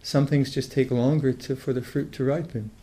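An older man, a Buddhist meditation teacher, giving a reflective dharma talk in a thoughtful, halting way, often restarting his sentences. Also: medium pitch, flat delivery, mellow.

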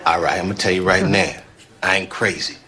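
Film heavy, male, menacing and touchy; low voice with a hard bright edge. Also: steady tone, fast talker. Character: menacing tough man, touchy and threatening.

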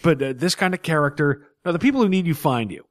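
A man's voice: a little high, expressive, quick pace, dry recording, clean studio sound. A middle-aged man co-hosting a casual comic book podcast, blunt and opinionated, often laughing. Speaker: podcast co-host.

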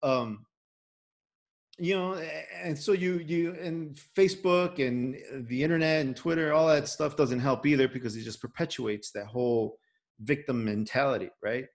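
A man's voice: mid-range voice, normal speed. A man with a Chicago accent hosting a casual podcast chat, talking with many fillers and repeated words. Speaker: podcast host.

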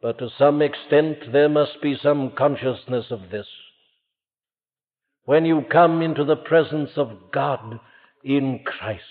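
A man's voice: fairly high pitch, slow. Male preacher, impassioned old-style sermon, long church reverb. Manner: fervent, rising and falling preaching with solemn hushed passages. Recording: old lo-fi phone-band recording in a reverberant hall.

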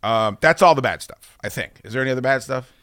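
A man hosting a talk show, telling stories in a loose, profane, animated way. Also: medium pitch, fast talker, no room sound, studio quality. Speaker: radio show host. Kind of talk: casual podcast banter.

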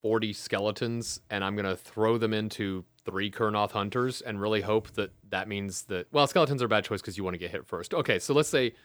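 A man casually chatting about a tabletop war game as a podcast co-host, excitable and quick to swear. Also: fairly low pitch, no room sound. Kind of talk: casual tabletop gaming chat.

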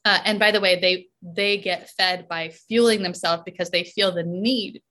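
In a casual podcast chat, this woman coach speaks fairly low at a moderate pace, regularly checking in with "right?" and breaking into laughter between points.

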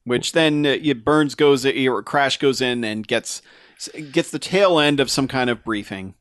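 A man chatting on a podcast about a film he watched. He retells the scenes and throws in short acted-out quotes. His voice sits at an ordinary pitch, and the recording is dry and close. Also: a little slow, a bit bright, clear, resonant tone, dry recording. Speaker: podcast co-host. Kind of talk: casual movie recap chat.

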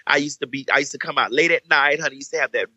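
A young woman telling a story in casual chat, animated and campy, jumping up to a high squeaky voice for the people she quotes. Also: very fast, slightly rough, dry recording, lo-fi sound. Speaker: podcast guest telling a story.

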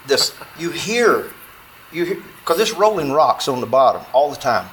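A man telling a true outdoor story to an audience in a folksy, animated way, acting out dialogue with plenty of fillers. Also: fairly high pitch, normal speed, background noise.

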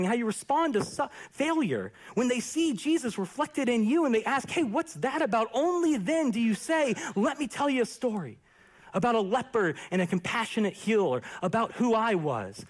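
A young pastor preaches an earnest sermon. His voice sits a little high and has a husky edge. He swings from fervent peaks to near-whispered, hushed stretches. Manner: earnest and impassioned, with hushed quiet passages.

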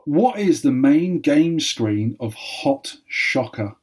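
A man's voice: a little high, slow pace, few pauses, husky. Teasing man running a quiz. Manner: teasing, deadpan jokes. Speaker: podcast co-host, quizmaster. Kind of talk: casual chat, playful quiz hosting.

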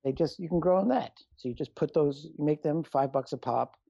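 A man's voice: a little high, brisk, vocal fry, warm tone, husky, no room sound. Middle-aged doc guy rambling, kinda dry dead sound, muffled like a call. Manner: rambling, self-deprecating, restarts often. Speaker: doctor and author, guest. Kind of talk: casual interview chat.

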